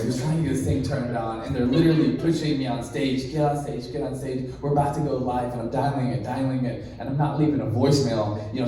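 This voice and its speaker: A man in his thirties giving a motivational keynote speech, telling a story and acting out the dialogue in an animated way. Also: mid-range voice. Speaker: keynote speaker. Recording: echoey hall from far off.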